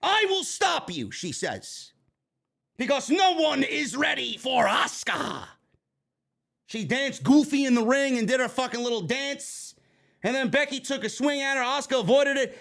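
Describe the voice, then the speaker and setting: A man's voice: very high voice, fairly bright tone. A man reviewing a wrestling show in an angry, sarcastic rant full of swearing. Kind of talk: profane ranting show review.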